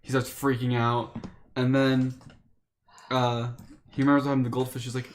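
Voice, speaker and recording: A man's voice: mid-range voice, normal speed, long pauses, a little hiss or hum. Chatty man retelling a story. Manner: animated retelling, with many fillers and acted quotes. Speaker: streamer. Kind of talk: casual storytelling chat.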